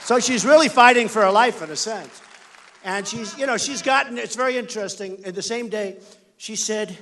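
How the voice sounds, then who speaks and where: A man's voice: high-pitched, normal speed, fairly bright tone, slight background noise. An American man giving an emphatic, repetitive campaign rally speech as a political candidate on a stage microphone in a large indoor venue.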